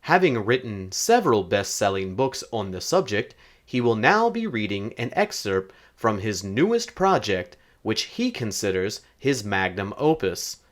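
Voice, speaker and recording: A man hosting a comedy show in a slow, mock-earnest deadpan manner. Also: fairly low pitch. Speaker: host.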